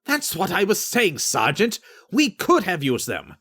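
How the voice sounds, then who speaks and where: A man reading an audiobook, voicing a fussy, easily flustered male naval commander in a higher, pompous voice. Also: huge pitch swings, measured pace, a bit bright, husky, exaggerated voice. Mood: exasperated.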